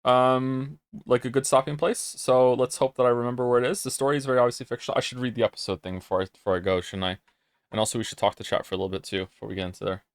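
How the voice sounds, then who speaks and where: Talking very fast with a clean tone, medium pitch, and fairly even intonation, a young streamer chats loosely with his viewers. He rambles, reads chat aloud, and sometimes gets flustered, in studio-quality audio with no room sound.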